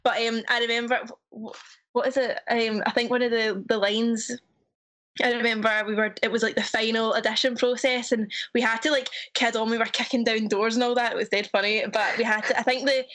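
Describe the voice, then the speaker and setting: A woman's voice: on the high side, little pitch movement, fairly quick, a bit bright. A young woman with a Scottish accent, a guest chatting casually and telling self-mocking stories. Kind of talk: casual chat.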